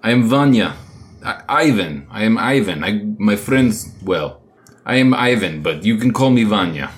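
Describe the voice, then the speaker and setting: A man voicing Ivan, a gruff, bitter older male prisoner who speaks in clipped, broken English with a put-on Russian-style accent. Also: on the low side, lively intonation, normal speed, lightly acted.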